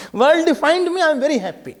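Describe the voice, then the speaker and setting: A man with an Indian English accent giving a spiritual discourse on scripture, animated and sprinkling in Hindi and Sanskrit terms. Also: very high-pitched. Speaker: spiritual teacher.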